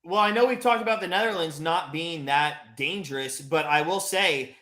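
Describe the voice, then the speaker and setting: A man hosting a live watch party for a match, reacting to the play, swinging between tense muttering and loud cheering with swearing. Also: fairly high pitch, moderate pace, echoey room, over a noisy crowd.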